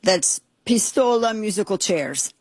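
A woman talk radio host with a husky, slightly breathy voice on a close, dry mic. She talks off the cuff with incredulous exclamations and quick jokes. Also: mid-range voice, lively intonation, a little mellow, no echo. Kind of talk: casual talk radio commentary.

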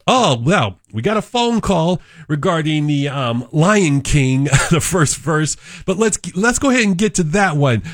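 A man in his fifties filling in as a radio talk show host, chatting with callers and telling family stories, jumping up in pitch to act out voices. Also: no echo, studio quality. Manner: animated storyteller, acts out voices with pitch jumps. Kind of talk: casual radio chat and storytelling. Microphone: studio microphone.

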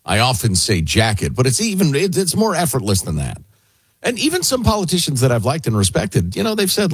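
A man's voice: medium pitch, wildly swooping pitch, fairly quick, husky, no echo. A man co-hosting a talk radio show, joking in wry asides. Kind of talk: casual talk radio banter.

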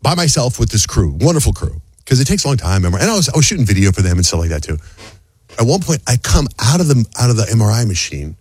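A man hosting a radio morning show in a studio, telling a story in a lively, animated way and acting out other people's voices. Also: fast talker, husky, no room sound. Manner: animated storyteller, acts out voices in high pitch. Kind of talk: casual radio chat, storytelling. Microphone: studio microphone.

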